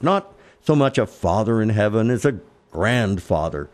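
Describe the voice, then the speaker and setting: A man with a Texan accent preaching a sermon, reading scripture in slow, emphatic phrases. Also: on the low side, sing-song. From Texas.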